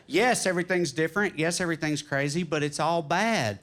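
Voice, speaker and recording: A man's voice: a little high, moderate pace. Tennessee-drawl man doing stand-up. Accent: Southern US, Tennessee drawl. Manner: animated, swings into put-on voices and quips. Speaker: stand-up comedian. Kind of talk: stand-up comedy set. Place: comedy club stage with audience.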